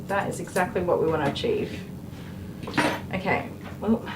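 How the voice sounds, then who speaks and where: A woman's voice: fairly low pitch, moderate pace, long pauses, music in the background, low-quality recording. An Australian woman grooming a dog on a live stream, coaxing it in a soothing way while chatting to her viewers.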